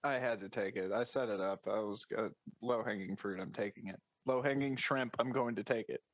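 A man improvising comedy bits in casual podcast banter, spinning absurd stories with deadpan wordplay. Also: fairly low pitch, a little fast, no echo.

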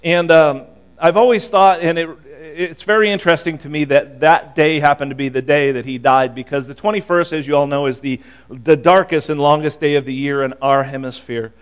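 A man in his sixties from Boston, preaching a conversational sermon and telling a personal story with many halting restarts. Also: a little high, clean tone. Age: 60s. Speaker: pastor.

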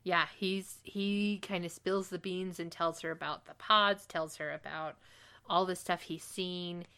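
A woman co-hosting a podcast, retelling a TV episode in casual chat with animated, quick delivery. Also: lowish voice, smooth. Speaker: podcast co-host recapping a TV episode.

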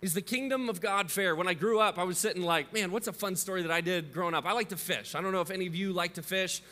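A man in his thirties gives a sermon in a conversational, storytelling way, turning to his listeners with frequent questions. His voice sits a little high for a man. The sound carries a long hall reverb. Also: steady tone, fast talker, pushed and bright. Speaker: pastor.

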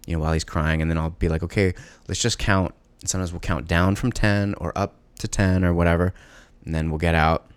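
A man, a parent of a young child, talking through a personal monologue in a halting, emotional way with many fillers and restarts. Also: deep voice, fairly even intonation, smooth, dry recording.

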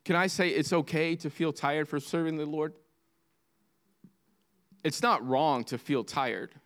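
A man preaching a sermon as pastor, swinging from impassioned highs to hushed lows. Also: steady tone, measured pace.

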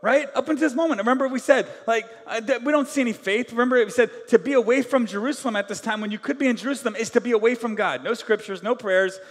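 A man preaching a sermon in a loose, conversational way, full of fillers, swinging between loud bursts and quiet asides. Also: extremely high pitch, fast, hardly any pauses, in a large hall. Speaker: pastor.

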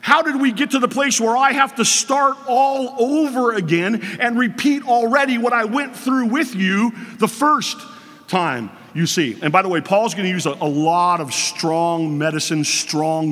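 A man's voice: fairly high pitch, a bit bright, in a large hall. A man preaching a sermon to his congregation as pastor, earnest and emphatic, speaking straight to the listeners.

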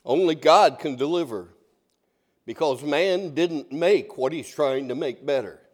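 High-voiced man preaching a folksy sermon. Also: measured pace. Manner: folksy, asks the congregation questions. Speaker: pastor.

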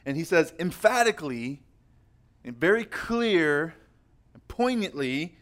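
A man's voice: fairly high pitch, lively intonation, fairly bright tone. Emphatic young male pastor preaching. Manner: emphatic, slows down to stress key words. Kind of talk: sermon.

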